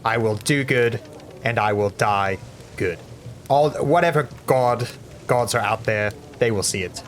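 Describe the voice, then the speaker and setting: A man's voice: mid-range voice, a little slow, slight background noise, natural voice. A man playing a ramrod-straight warrior in a tabletop game, devoted to justice. He speaks in blunt, stiff statements and lectures others about doing good. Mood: solemn.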